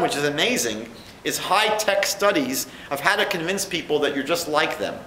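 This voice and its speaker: A man giving a lecture as a rabbi and educator, lively in his delivery and acting out quoted dialogue. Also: on the high side, a little hiss or hum. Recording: echoey room.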